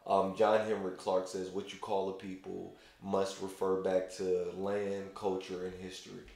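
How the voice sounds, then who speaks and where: A man talks in a loose, rambling way and keeps circling back with fillers as he makes his point. His voice sits low. The room is very echoey around him. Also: monotone, measured pace, creaky, darkish tone. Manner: loose and rambling, heavy use of "like". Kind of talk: casual conversation.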